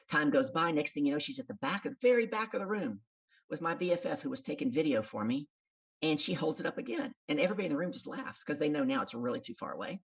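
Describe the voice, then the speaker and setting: Very low, gravelly woman telling stories. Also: quick pace, distant mic. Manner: animated, acting out the voices of people in her stories. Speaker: podcast guest, coach and speaker. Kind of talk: storytelling in an interview.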